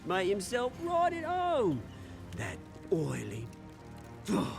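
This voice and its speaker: A theatrical young schemer for a video game, swaggering and prone to sudden outbursts. His voice sits high and leaps all over the place, with game music playing clearly behind him. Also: huge pitch swings, slow pace, heavily acted. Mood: bitter. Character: scheming young British man, street tough.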